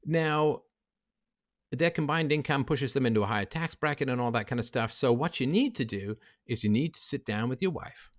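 A man's voice: mid-range voice, lively intonation, normal speed. A man hosting a livestream monologue, emphatic and lecturing, walking through numbers step by step. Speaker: livestream host.

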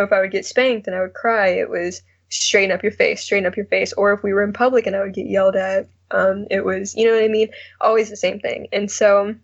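A woman's voice: mid-range voice, highs cut off. A young woman calling in to a talk show, speaking hesitantly with many fillers. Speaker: caller. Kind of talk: call-in conversation.

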